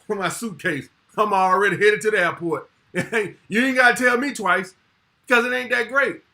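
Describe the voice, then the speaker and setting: A man's voice: high-pitched, moderate pace, pushed and bright. A middle-aged man in casual podcast chat, laid-back and blunt, heavy on slang. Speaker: podcast co-host.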